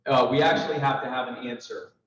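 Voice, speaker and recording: A man's voice: mid-range voice, quick pace, fairly bright tone, slight background noise. A man giving a persuasive speech to a party audience, emphatic and full of rhetorical questions, acting out little dialogues. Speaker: political speaker. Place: large room at a party convention. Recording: echoey hall, picked up from a distance, muffled.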